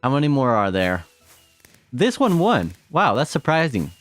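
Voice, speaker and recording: A man giving live gameplay commentary as a streamer, excitable, repeating short phrases and exclaiming often. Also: medium pitch, moderate pace, soft background music. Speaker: game streamer.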